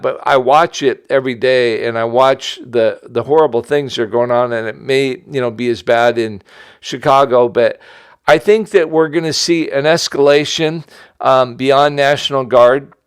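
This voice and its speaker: A middle-aged man from the United States gives a casual monologue as host, wandering through thoughts with frequent restarts. His voice sits at a mid pitch and sounds smooth and clean. The recording is dry and close, with no room sound. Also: dry recording. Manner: rambling, with many restarts and asides. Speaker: host giving an investment update.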